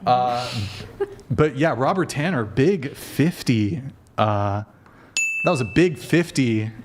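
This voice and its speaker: A man's voice: mid-range voice, expressive, slow. A man hosting a casual livestream, talking in a brash, profane, bossy way as he directs his guests. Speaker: livestream host.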